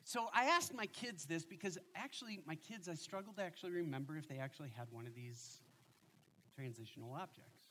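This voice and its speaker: A man in his forties preaching a sermon as a pastor, telling family stories in an animated, joking way. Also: a little high, brisk, slight background noise.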